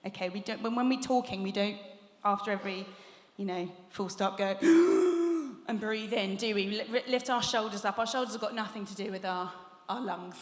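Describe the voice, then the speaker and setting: A woman's voice: medium pitch, fairly even intonation, brisk. Young woman coaching singers, chatty and upbeat, big echoey hall with long reverb. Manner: chatty, encouraging, laughs often, demonstrates sounds. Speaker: vocal coach leading a workshop. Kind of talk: live masterclass teaching. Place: large conference hall.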